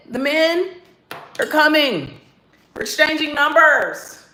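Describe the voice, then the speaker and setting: A woman talking casually to her viewers in a sassy, animated vlog style, laughing and swearing freely. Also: sits high, slow, roomy sound, a little hiss or hum, rough recording. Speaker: vlogger. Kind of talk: casual self-talk vlog.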